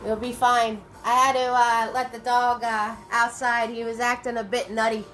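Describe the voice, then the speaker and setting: A woman leads a livestreamed paint party, talking slowly and greeting each viewer by name. Her voice is bright and a little high. Soft music plays behind her. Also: level tone, low-quality recording.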